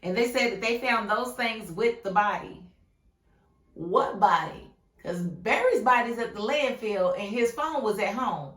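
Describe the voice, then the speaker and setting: A woman giving a casual, animated recap of a TV episode, laughing often and acting out the scenes in voices. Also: medium pitch, a little slow, recorded from a distance. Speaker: YouTube TV reviewer. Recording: echoey room, a bit off-mic.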